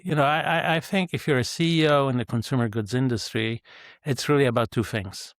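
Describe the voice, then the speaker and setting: A retired male executive guest on an interview podcast, talking in a measured, reflective way with frequent fillers. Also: medium pitch, no room sound, studio quality. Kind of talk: conversational interview answers.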